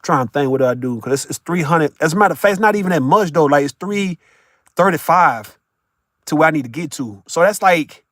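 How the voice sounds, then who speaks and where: A man's voice: on the high side, animated, brisk, fairly bright tone, dry recording, clean studio sound. A man live-streaming from his vehicle while driving for work, chatting loosely with viewers in a boisterous, profane way and laughing often. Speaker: live streamer talking to chat. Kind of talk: casual live-stream chat.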